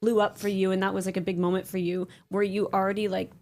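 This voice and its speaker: A woman's voice: medium pitch, little pitch movement, fast talker, a little mellow. A woman hosting a podcast in casual chat, asking eager follow-up questions and laughing often. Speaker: podcast host.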